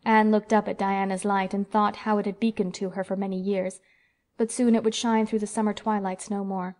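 A woman narrates an audiobook in a measured, even storytelling style. Her voice is medium in pitch, and the narration is scripted.

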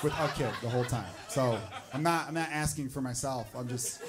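A man in his thirties from Chicago doing stand-up crowd work in a comedy club, riffing and swearing in an animated way. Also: medium pitch, a little fast. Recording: live club audience laughter. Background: crowd laughing.

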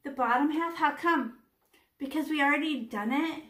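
Here the art teacher's fairly high voice comes across a bit bright at a normal pace. Chatty and playful, she leads young children through a painting lesson, demonstrating with little sound effects and goofy voices.

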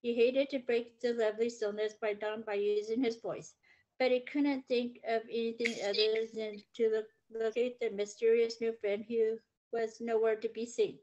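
Woman reading a storybook aloud, gentle and expressive, voice a little high. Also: normal speed, highs cut off. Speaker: reader. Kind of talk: reading a children's book aloud.

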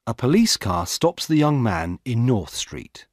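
Slow husky male storyteller. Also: mid-range voice, big pitch swings, no echo, clean studio sound. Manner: slow, clear, deliberate for learners. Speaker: narrator. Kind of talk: graded reader story narration.

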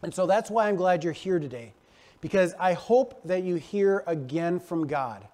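A male pastor preaching a sermon, telling the story with animated energy and acting out the quotes. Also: high-pitched, moderate pace.

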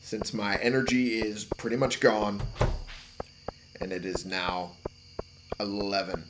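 A man giving casual gameplay commentary, muttering to himself and cursing loudly at the game. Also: fairly low pitch, flat delivery, slow, noisy background. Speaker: let's play gamer.

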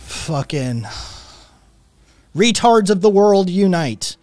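A man's voice: high-pitched, lively intonation, takes it slowly, a little mellow, no echo, studio quality, faint music behind. A man who says he is sick and in pain, ranting with constant swearing while he reads and answers his chat. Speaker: streamer. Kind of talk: ranting live stream chat.

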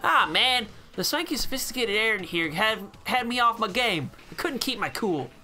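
A man's voice: high-pitched, very animated, normal speed, pushed and bright, faint music behind, pitched above the performer's own voice, full character voice. A man putting on a cocky hooligan grunt in mock British. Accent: put-on British accent. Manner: brash, cocky taunting. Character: rowdy young hooligan gang grunt.

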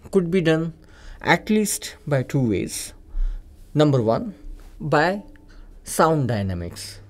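Patient Indian male tabla tutor; warm, mellow delivery, repeats key points. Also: a little high. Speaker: tabla teacher. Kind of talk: instructional explanation. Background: tabla playing.

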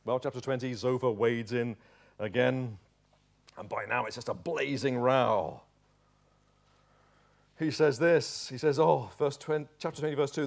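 A male pastor preaching a sermon and reading scripture, with lively storytelling and dramatic asides. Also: medium pitch, a little slow, vocal fry, pauses often.

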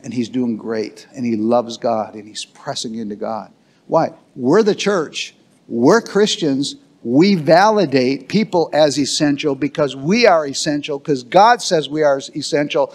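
In a church sanctuary, a male pastor preaches a sermon, emphatic and calling on the congregation for answers. His voice is medium-pitched and darkish, with a measured pace.

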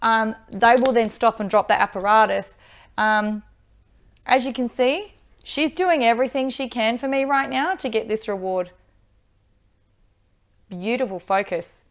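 An upbeat woman, teaching dog training and giving loud bursts of praise into a microphone. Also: a little high, measured pace, long pauses. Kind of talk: instructional video with live dog training.

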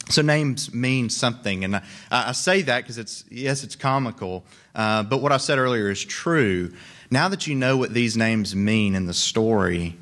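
A man's voice: medium pitch, a bit bright. A young man, preaching a sermon as pastor in a conversational way with joking asides.

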